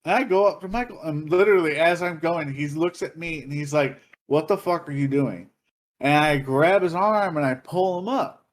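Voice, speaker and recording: A man's voice: a little high, normal speed, hardly any pauses. A man on a podcast telling a long story in a casual, profane, laughing way. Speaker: podcast co-host.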